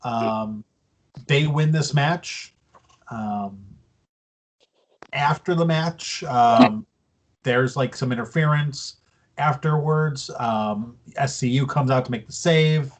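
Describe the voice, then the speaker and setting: A man's voice: medium pitch, takes it slowly. A man co-hosting a podcast, recapping a wrestling show in loose casual chat with swearing and mocking asides. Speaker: podcast co-host.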